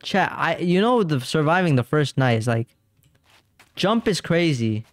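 A man's voice: fairly high pitch, very animated, measured pace, no echo. A young man streaming a game and talking casually to his chat, jumpy and rambling, often repeating himself when he gets scared. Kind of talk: casual gaming commentary to chat. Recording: dry close mic, faint game music.

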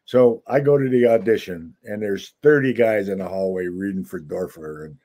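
A man in his seventies, a guest actor telling relaxed stories in casual chat. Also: sits low, normal speed.

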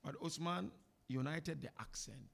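Bright, gravelly-voiced man teaching. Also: a little high, measured pace. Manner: animated, chatty teacher with laughs and asides. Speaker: sheikh giving a talk and answering questions. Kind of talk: informal religious lecture with Q&A. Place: mosque hall before an audience.

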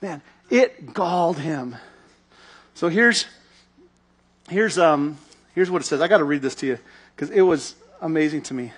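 A man's voice: fairly high pitch, lively intonation, unhurried, long pauses, slightly rough. A man giving a sermon as pastor, telling a story animatedly and acting out its scenes.

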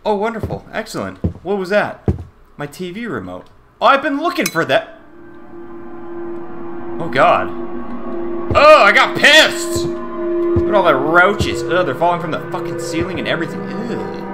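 A man's voice: high-pitched, huge pitch swings, a little slow, pauses often, over music. A man giving running commentary on a horror game while he plays, jumpy and swearing, talking to himself as he goes. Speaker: gamer.

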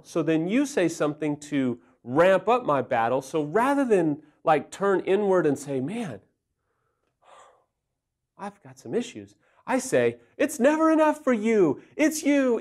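A man's voice: mid-range voice, a little mellow. A man hosting a relationship advice talk, earnest and self-deprecating, acting out quoted lines in a raised voice. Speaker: host, recovery counselor. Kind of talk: candid advice talk to camera.

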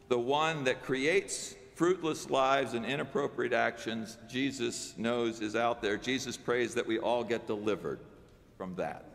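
Creaky-voiced pastor preaching in a reverberant church. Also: male voice, mid-range voice, a bit bright. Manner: conversational preaching with asides to the congregation. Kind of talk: sermon. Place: church sanctuary.

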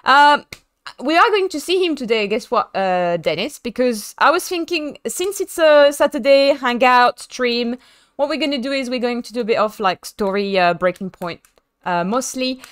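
A woman's voice: on the high side, lively intonation, moderate pace, a bit bright, clear, resonant tone, dry recording. A young woman with a French accent chatting casually with her chat while sim racing, self-mocking and given to dramatic voiced asides. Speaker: streamer.

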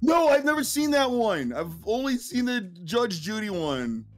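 Brief: high-voiced male streamer, very animated, laughs constantly, home mic setup. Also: normal speed. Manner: excitable, laughs hard and often. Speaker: streamer host. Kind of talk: casual stream chat.

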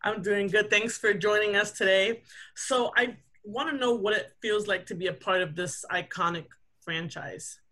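A woman runs a group interview with a bright, forceful voice. She keeps it friendly and brisk, at a middle pitch. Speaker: press junket moderator.

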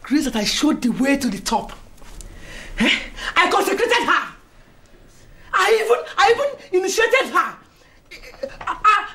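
A woman with a Nigerian accent playing a proud, furious senior woman of a ladies' club, ranting and shouting with scornful laughs in a film drama. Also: very high-pitched, heavily acted. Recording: echoey room with music underneath.

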